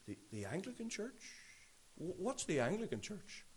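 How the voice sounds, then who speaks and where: A man's voice: sits high, huge pitch swings, moderate pace, slightly rough, heavily acted. A male preacher voicing a puzzled old church elder who stammers in confusion. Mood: baffled. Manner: hesitant, baffled, stammering.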